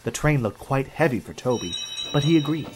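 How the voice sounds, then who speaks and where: A man narrating a children's railway story in an expressive storybook style, over background music. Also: mid-range voice, brisk, background noise.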